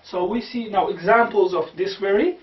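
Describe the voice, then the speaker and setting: A man with a Kashmiri accent teaching pronunciation, repeating words slowly with many fillers. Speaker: language teacher. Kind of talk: explaining pronunciation, word lists. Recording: roomy, distant, dull low-quality mic.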